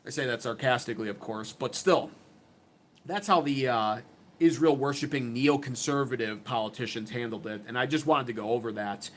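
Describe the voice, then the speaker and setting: A man's voice: medium pitch, moderate pace, a little hiss or hum. A man hosting his own channel, giving opinionated political commentary in an emphatic, sarcastic way, often restarting his sentences. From United States.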